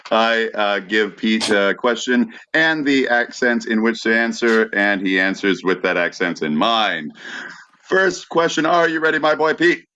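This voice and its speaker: A man hosting a podcast in casual chat, easygoing and quick to laugh. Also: on the low side, animated, pushed and bright, slight background noise. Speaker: podcast host. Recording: dull lo-fi sound.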